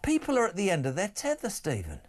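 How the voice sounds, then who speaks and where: Brash high-voiced male radio host. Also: wildly swooping pitch. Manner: brash, jokey, fast-shifting. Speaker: radio talk show host. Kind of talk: live talk radio presenting.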